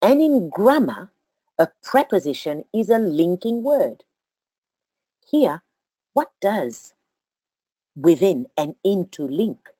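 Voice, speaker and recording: Slow, lively woman teaching. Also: on the low side, slightly rough, no echo. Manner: slow, deliberate, counting out syllables. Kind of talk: study group talk.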